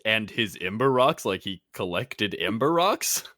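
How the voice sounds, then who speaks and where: Lively low-voiced man at a game table. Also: no echo, studio quality. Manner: halting, stumbling over words. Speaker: player. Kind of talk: casual tabletop role-play.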